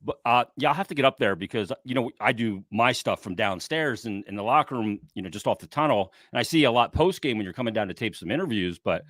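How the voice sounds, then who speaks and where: Lively, chatty male sports podcast host. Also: mid-range voice, fast, few pauses, dry recording, studio quality. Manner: lively, chatty, opens with an announcer-style intro. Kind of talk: casual sports talk show.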